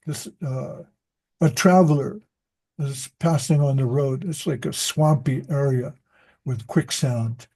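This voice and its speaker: A man with a mid-range, husky, mellow voice talks slowly at a group meeting. He teaches reading, and his storytelling is loose and rambling, full of self-interruptions and restarted sentences in a casual discussion.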